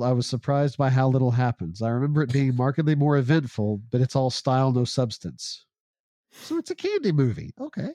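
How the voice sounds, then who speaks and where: A man's voice: medium pitch, mellow, no echo. A man co-hosting a casual podcast, reading listener comments aloud and laughing often. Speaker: podcast co-host.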